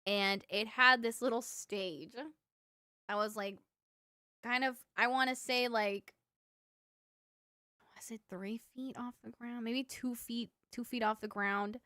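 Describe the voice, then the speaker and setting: A woman's voice: on the high side, fairly even intonation, takes it slowly, pauses often, pushed and bright, no echo. Rambling, chatty woman streamer, dry sound. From Cuban family. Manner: rambling storyteller, lots of fillers, laughs at own stories. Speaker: livestream streamer. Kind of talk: casual chat with viewers.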